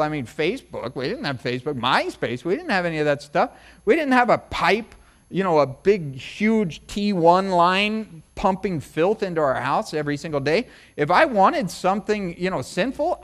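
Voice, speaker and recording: High-voiced middle-aged male pastor, chatty sermon. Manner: chatty, storytelling, many asides. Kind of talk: conversational sermon. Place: church service.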